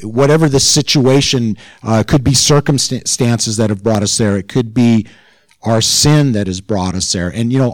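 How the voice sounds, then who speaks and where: Man, pastor, conversational sermon, mid-pitched voice, dry close sound. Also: a little mellow, dry recording, low-quality recording. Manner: informal and chatty, rising in intensity as he stresses a point.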